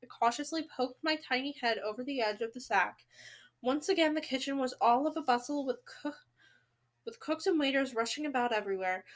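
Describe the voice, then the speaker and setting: A woman with a high voice reads a novel aloud, stopping often for big dramatic reactions and exclamations. Her reading is lively and expressive throughout. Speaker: book reader.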